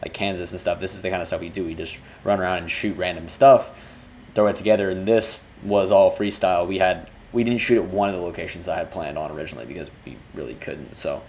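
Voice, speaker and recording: A man's voice: low-pitched, steady tone, quick pace, darkish tone, slight background noise. A man, a music video director, talking loosely through a breakdown of his work and restarting his sentences as he goes. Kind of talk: casual video breakdown commentary.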